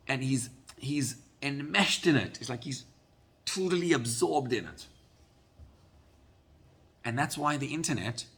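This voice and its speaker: A man teaching a Torah class as a rabbi, telling a story in an animated way and often repeating words. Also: mid-range voice, gravelly.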